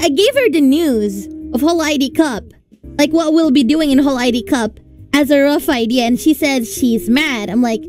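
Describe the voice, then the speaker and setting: High-voiced woman chatting playfully. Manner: playful, animated storytelling with frequent laughs. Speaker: streamer and event organizer. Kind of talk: casual livestream chat. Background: faint background music.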